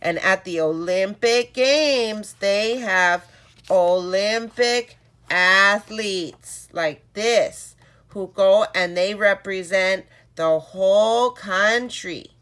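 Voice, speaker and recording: A woman reading a story aloud to children, calling them friends in an animated way. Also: mid-range voice, drawn-out words. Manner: addresses listeners as friends, animated.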